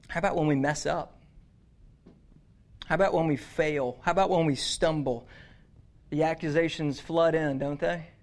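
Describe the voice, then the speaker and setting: A man preaching a conversational, earnest sermon to teenagers. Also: on the high side. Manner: conversational, earnest, repeats words. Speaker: youth pastor.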